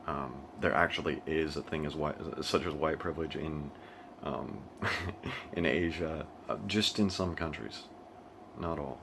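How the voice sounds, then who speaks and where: A young man from the United States talks off the cuff in a very low voice, tripping over his own sentences and laughing as he goes. A faint hiss of noise sits under the recording. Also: a little slow. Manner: rambling, with frequent restarts and laughs. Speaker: vlogger. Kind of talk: casual monologue. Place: living in Asia.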